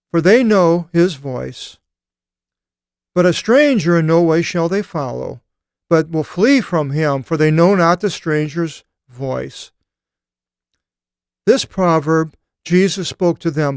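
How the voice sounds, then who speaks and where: A man teaching a Bible study seminar, reading scripture aloud and explaining it, with thoughtful pauses and occasional fillers. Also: fairly high pitch, a little mellow, clean tone, no room sound, studio quality.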